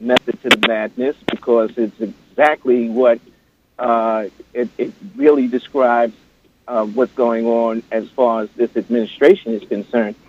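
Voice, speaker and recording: A man's voice: medium pitch, steady tone, a little slow, a little hiss or hum. A man calling into a radio show, speaking hesitantly with many fillers. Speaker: caller. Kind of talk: call-in radio. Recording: tinny phone line.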